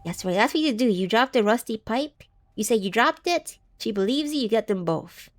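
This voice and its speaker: A woman's voice: fairly high pitch, animated, normal speed. A woman streaming a game live, chatting casually and reading chat aloud, scattered and giggly as she loses her train of thought.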